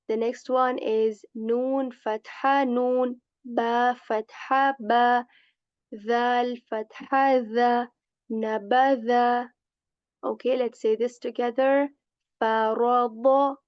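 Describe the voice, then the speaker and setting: A young woman teaching pronunciation in a slow, careful lesson, repeating each sound patiently. Her voice sits a little high. The recording is dry and slightly dull. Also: no echo. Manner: patient, repeats each word slowly and clearly. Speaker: Quran recitation teacher.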